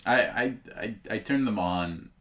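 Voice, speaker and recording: Deep-voiced dry podcast man. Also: unhurried, fairly bright tone. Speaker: podcast co-host. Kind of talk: casual movie podcast chat.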